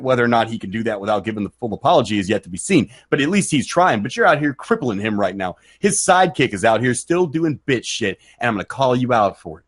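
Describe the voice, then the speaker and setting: A man talks at a rapid clip in heated live-stream banter. He calls people out in blunt, profane jabs. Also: mid-range voice, big pitch swings, husky. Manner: profane, confrontational call-outs. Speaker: guest panelist.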